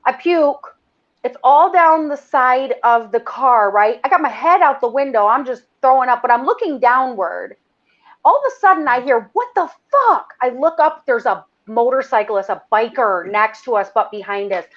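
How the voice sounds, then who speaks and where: A middle-aged woman from the area, telling a wild story in a loud, animated, swearing way with lots of laughing. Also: on the high side, normal speed. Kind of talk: casual storytelling. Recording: dull lo-fi sound.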